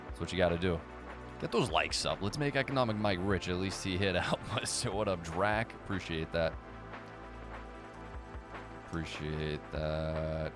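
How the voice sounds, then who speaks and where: A man's voice: deep voice, normal speed, over music. A man hosting a casual livestream, reading viewer chat and answering with profane, sarcastic banter.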